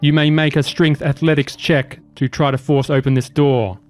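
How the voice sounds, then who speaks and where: A man running a tabletop game as dungeon master, giving calm, matter-of-fact rulings and narration. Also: fairly high pitch, moderate pace, faint music behind.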